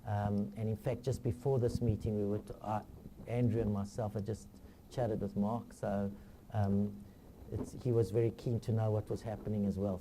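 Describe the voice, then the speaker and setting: A man's voice: on the low side, warm tone, slight background noise. A man chairing a company meeting, giving formal remarks in a genial, joking way.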